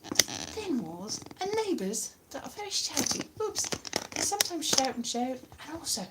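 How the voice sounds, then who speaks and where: A woman's voice: high-pitched, very animated, normal speed, heavy background noise. A young woman comedian rambling in a self-mocking comic monologue from a very small room at home. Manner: chatty, self-mocking, drifts off topic. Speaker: comedian vlogger.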